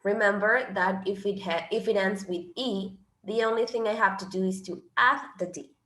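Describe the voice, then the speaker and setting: In an echoey room, this Spanish-speaking teacher explains English grammar with patience, moving back and forth between the two languages. Her medium-pitched voice is fairly bright, with fairly even intonation and a normal speed.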